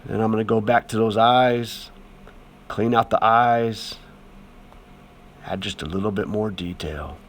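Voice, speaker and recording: A man's voice: fairly low pitch, steady tone, a little slow, long pauses, slight background noise. A man talking casually over a demonstration as an art teacher, chatty and encouraging, with lots of fillers.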